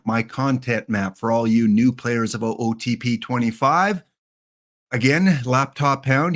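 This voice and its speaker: This man, a Canadian in his fifties who streams games, shoots the breeze with his audience in a loose, jokey live-stream chat, wandering from topic to topic and responding to chat. He speaks at a medium pitch with a slightly bright sound.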